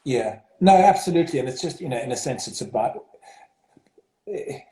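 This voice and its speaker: A man's voice: mid-range voice, animated, normal speed, dark tone. A man from South Africa with a South African accent, a headmaster talking in an interview, hesitant with many fillers and restarts. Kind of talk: interview over video call. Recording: roomy echo.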